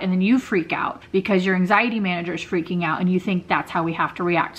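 A woman vlogger talking candidly to camera in a conversational, personal way. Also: fairly low pitch.

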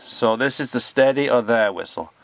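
A man, a sheepdog trainer, giving a plain, practical and unhurried instructional demonstration. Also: medium pitch, gravelly, noisy background.

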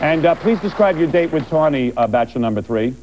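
A man's voice: on the high side, lively intonation, fast talker, noisy background. A man hosting a radio game show, teasing his guests and repeating their answers back with wisecracks. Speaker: radio host.

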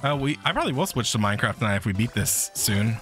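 A man streaming a video game live, swearing and ranting at the game and his chat, his voice jumping high when frustrated. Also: sing-song, quick pace, a bit bright, soft background music. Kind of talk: live gameplay commentary.

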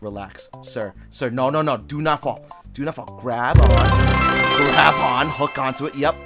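A streamer commentating live gameplay, swearing, pleading and yelling at the game in frustration between calmer stretches. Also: mid-range voice, a little slow, creaky, over loud music. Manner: pleading and coaxing between outbursts.

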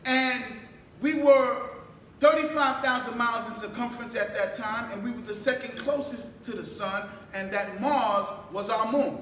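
A man delivers a sermon with a very high, bright, forceful voice. He asks question after question, waits for the congregation to answer, and rises to shouts. He was recorded from a distance in a roomy, echoing hall. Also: normal speed. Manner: rhetorical questions, calls for responses, builds to shouts. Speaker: mosque minister. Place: mosque hall. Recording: echoey room, distant mic, faint background noise.

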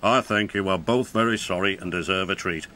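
A man's voice: low voice, a little fast, sharp tone, pitched below the performer's own voice. A man voicing a pompous, stout male railway boss with a formal, commanding way of speaking. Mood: kindly. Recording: music clearly behind.

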